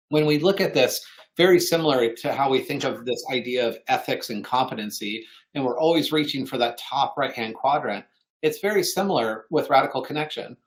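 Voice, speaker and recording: Man, earnest webinar presenter, mid-pitched voice, clears throat now and then. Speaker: co-author presenting on fundraising.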